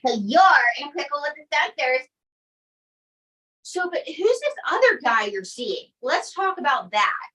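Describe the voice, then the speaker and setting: A woman's voice: high-pitched, very animated, unhurried, fairly bright tone, recorded from a distance, poor audio. A woman ventriloquist comedian doing chatty, showy emcee patter for a comedy act.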